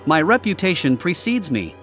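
A man's voice: fairly high pitch, big pitch swings, moderate pace, a bit bright, faint music behind, pitched above the performer's own voice. A man reading a story, voicing a smug, theatrical omnipotent male entity who mocks and teases. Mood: mocking. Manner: arch, teasing.

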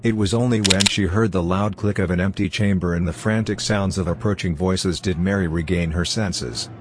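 A man narrating a story in a steady, measured scripted reading. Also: low-pitched, heavy background noise. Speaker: audiobook narrator.

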